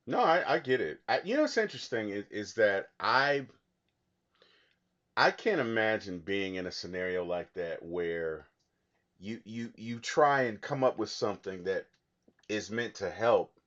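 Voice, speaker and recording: A man in casual conversation about a film whose pitch swings widely as he talks with earnest emphasis. He often restarts his sentences. The recording sounds slightly dull and lo-fi. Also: expressive, a little slow, a bit bright. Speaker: movie podcast co-host. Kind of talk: casual movie discussion.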